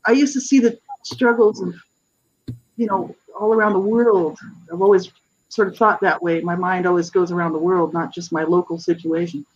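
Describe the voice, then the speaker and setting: A middle-aged guest author giving a personal testimony in an interview, earnest and halting, with many restarts. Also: medium pitch, fairly even intonation, slightly rough, muffled recording.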